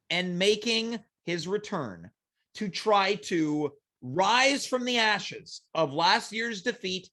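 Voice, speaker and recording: A man's voice: high voice, fairly bright tone. A man hosting a talk show over a video call, chatting casually and slipping into hammy announcer bits for jokes. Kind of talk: casual comedic chat.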